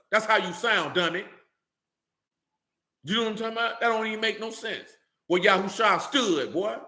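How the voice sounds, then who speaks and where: Fiery scolding preacher man, bright voice. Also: high-pitched, echoey room. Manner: blunt, scolding, rhetorical questions, rising to shouts. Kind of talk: fiery street-style sermon.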